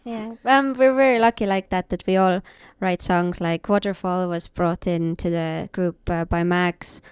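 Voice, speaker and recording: A band member answering in a casual interview, upbeat and eager. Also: female voice, fairly low pitch, steady tone, a little slow, a little mellow, clean tone.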